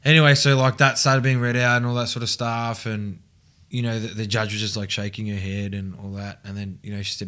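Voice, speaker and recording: A man's voice: fairly low pitch, flat delivery, fast, a bit bright. A man telling his own story in a casual interview, rambling with many fillers and restarts and frequent laughs. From Australia. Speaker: podcast guest.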